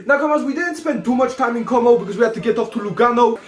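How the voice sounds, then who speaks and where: A young man narrating a casual travel vlog, excitable and swearing, calling his audience comrades again and again. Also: very high-pitched, fast. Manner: excitable, swears, says "comrades" in nearly every line. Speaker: vlogger host. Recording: roomy echo, faint music behind.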